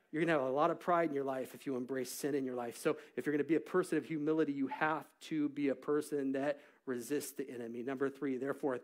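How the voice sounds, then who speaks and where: A middle-aged man preaching a sermon in church, acting out quotes and swinging from loud to hushed. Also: a little high. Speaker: pastor. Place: church stage.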